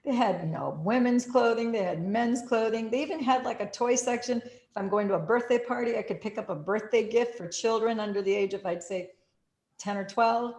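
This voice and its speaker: A woman telling a story in a casual way, acting out the quotes with big jumps in pitch. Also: brisk, a little mellow. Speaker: group participant sharing a story. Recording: roomy echo.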